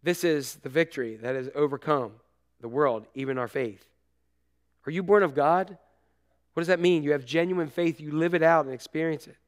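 High-voiced man preaching with rising questions. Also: moderate pace. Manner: repeats rhetorical questions with rising emphasis; intimate confessional tone in prayer. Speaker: pastor. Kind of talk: sermon and closing prayer.

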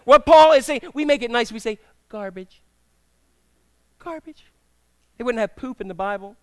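A middle-aged male pastor preaching a sermon in a church, telling humorous stories with animated, acted-out quotes. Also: very high voice, fast, clean tone, no room sound. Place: church sanctuary with congregation.

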